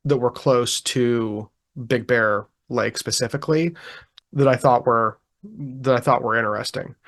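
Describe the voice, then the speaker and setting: A man co-hosting a podcast in casual chat, reading a witness account aloud in a relaxed, chuckling way with frequent ums and restarts. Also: mid-range voice. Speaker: podcast co-host.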